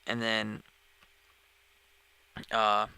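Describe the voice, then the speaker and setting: A man's voice: on the low side, monotone, drawn-out words, gravelly, pushed and bright, clear, resonant tone, poor audio. A man live-streaming a game, chatting casually and rambling, often sidetracked mid-sentence, recorded at home on a dedicated microphone. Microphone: dedicated desk microphone.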